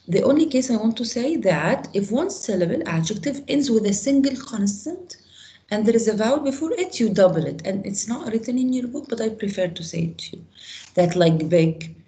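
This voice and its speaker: A woman teaching English grammar, talking through rule after rule with simple repeated examples. Her voice sits low and has a gravelly edge, and its tone is dark and mellow. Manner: explains slowly with many repeated examples. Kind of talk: online grammar lesson.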